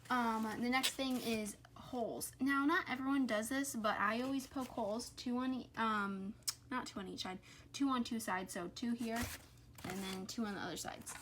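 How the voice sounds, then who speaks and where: A chatty woman talks through an offhand how-to at home, her voice mid-pitched and ordinary. She rambles, corrects herself mid-sentence and fills gaps with "um". A faint hiss and a few clicks sit behind her phone-camera sound. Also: a bit bright. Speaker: reptile keeper vlogger. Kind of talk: casual how-to vlog.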